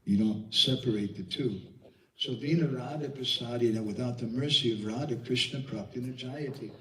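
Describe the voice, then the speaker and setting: A man's voice: medium pitch, moderate pace, fairly bright tone, echoey room, far from the mic, rough recording. A man giving a devotional lecture, telling stories with quoted voices and asking rhetorical questions. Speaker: Vaishnava speaker giving a class.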